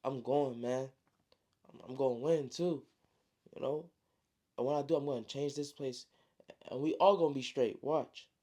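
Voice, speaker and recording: A man's voice: medium pitch, moderate pace, long pauses, mellow, lightly acted. A man voicing a defiant teenage fighter. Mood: determined. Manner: challenging, heated. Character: teen boy fighter, defiant and desperate.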